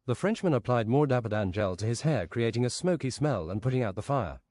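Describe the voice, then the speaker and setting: A man's voice: mid-range voice, expressive, brisk, few pauses, a little mellow, no room sound. A man streaming a game while improvising a rambling, absurd fantasy story.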